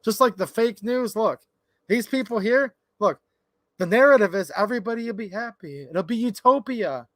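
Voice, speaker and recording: A man from Michigan talks off the cuff on his own livestream, recorded in his workshop. His voice sits fairly high and sounds dry and close, with no room echo. He is opinionated and chatty, and he keeps turning to address his viewers. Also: lively intonation, moderate pace. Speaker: gun channel livestream host. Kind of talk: casual livestream commentary.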